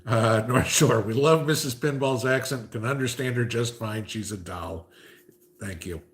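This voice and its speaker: A man hosts a casual livestream, reading viewer comments and chatting in an unhurried, medium-pitched voice. He keeps dropping in "okay?" asides.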